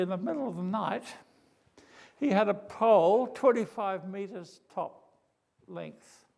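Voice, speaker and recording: A man with an Australian accent preaching a sermon, retelling a story with animated swings between loud and hushed. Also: a little high, creaky.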